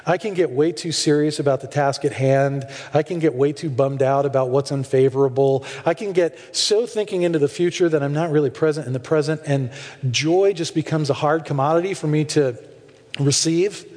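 A high-pitched man preaches with candid, animated storytelling and self-deprecating jokes. His voice carries through a large hall with a long reverb tail. He sounds relaxed and conversational. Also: brisk. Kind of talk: sermon.

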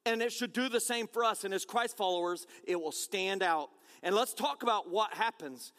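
A man's voice: high voice, moderate pace. Fired-up man preaching in a hall. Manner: energetic, repeated rallying calls; self-deprecating humor. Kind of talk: sermon. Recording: long hall reverb.

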